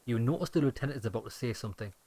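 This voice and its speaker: Brief: male let's-play narrator, steady reading, mid-range pitch. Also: racing, no room sound. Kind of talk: reading game text aloud.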